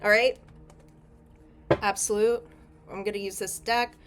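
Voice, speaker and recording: A woman's voice: mid-range voice, fairly even intonation, measured pace, slight background noise. A young woman giving a casual tarot reading, rambling and correcting herself, often checking in with "okay?". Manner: chatty, rambling, frequent self-corrections and "okay?". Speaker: tarot reader.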